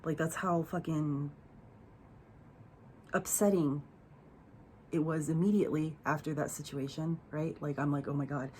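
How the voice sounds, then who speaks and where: A young woman with a low-pitched voice recounts a painful family story straight to camera. She talks in a raw, unfiltered way, swearing often and circling back with fillers. A faint hiss sits under her voice. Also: steady tone, unhurried, long pauses, darkish tone. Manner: profane, raw and emotional, rambling with fillers. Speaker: vlogger telling a personal story. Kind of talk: candid storytime monologue.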